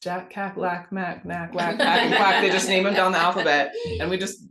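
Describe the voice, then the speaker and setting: A low-pitched woman in her thirties chats casually about picture books, telling little stories and laughing easily. The room around her is echoey. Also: steady tone, normal speed, a loud crowd. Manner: chatty, warm storytelling, laughs often. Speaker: guest. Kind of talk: casual podcast chat about children's books.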